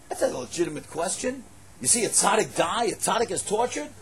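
Brief: high-pitched male storyteller giving a sermon, emphatic and lively. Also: quick pace, slightly rough, rough recording. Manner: animated, emphatic, rising to exclamations. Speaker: religious storyteller.

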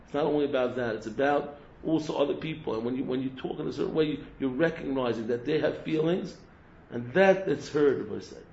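A man's voice: mid-range voice, brisk, creaky, a little mellow, slight background noise. A man, a yeshiva teacher, giving a humorous ethical talk to students. He repeats words and restarts often, mixing in Hebrew terms. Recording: roomy, dull lo-fi recording.

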